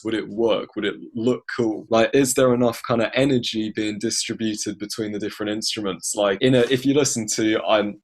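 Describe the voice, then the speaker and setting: A man's voice: on the low side, breathy edge. A man, a guest producer, explaining how he builds riffs by ear, with thoughtful, hedging explanations full of fillers. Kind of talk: explaining his production process.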